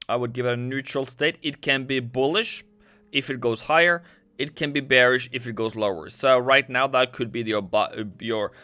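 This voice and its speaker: A man's voice: mid-range voice, sharp tone, clear, resonant tone, dry recording. A man hosting a live trading stream, casually thinking aloud over charts and reading chat messages. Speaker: forex trading livestream host. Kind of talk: casual live market commentary. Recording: dry close sound with faint music. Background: faint background music.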